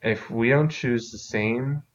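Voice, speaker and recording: A man's voice: mid-range voice, slow, dull audio, a little hiss or hum. A man hosting a comedy podcast, steering the segments and swearing freely. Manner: profane, laughing, leads the game. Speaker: podcast host leading segments. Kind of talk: casual comedic chat.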